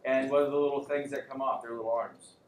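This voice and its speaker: A man lecturing a classroom in a relaxed, joking way, tossing questions at his students. His voice sits at an everyday middle pitch and rings off the walls of a roomy hall, with a faint hum of room noise behind it. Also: fast. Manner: casual, joking, quizzes the class. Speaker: anatomy and physiology instructor.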